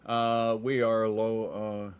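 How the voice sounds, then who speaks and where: A middle-aged man with a Western Canadian accent, chatting casually on a stream, joking and enunciating clearly like a trained former DJ. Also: fairly low pitch, level tone, drawn-out words. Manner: joking, dad jokes. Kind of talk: casual chat reading viewer comments.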